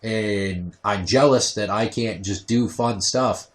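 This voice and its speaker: A young man hosting a casual podcast, telling stories with lots of swearing and sudden shouted outbursts. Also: fairly low pitch, slow. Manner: profane, animated storytelling with shouted outbursts. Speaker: podcast host.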